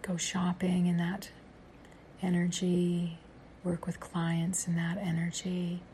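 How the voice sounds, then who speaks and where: A woman around sixty hosting a guided meditation talk, speaking in a hushed, whispery, gentle way. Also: on the low side, completely flat delivery, slight background noise. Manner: gentle and unhurried, with drawn-out pauses. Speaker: meditation podcast host.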